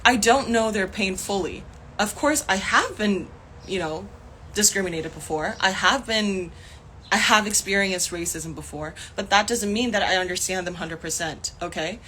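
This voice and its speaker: A woman's voice: medium pitch, normal speed, bright, forceful tone, a little hiss or hum. A young woman talking into her phone on a livestream, angry and heated, swearing often and laughing in frustration. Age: young adult. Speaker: actor streaming live. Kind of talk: casual livestream rant.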